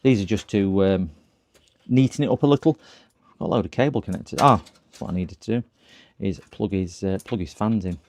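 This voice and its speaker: A man's voice: on the low side, brisk, long pauses, darkish tone. A man chatting on a live repair stream, muttering to himself as he works and poking fun at his own mistakes. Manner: chatty, muttering while working, self-mocking.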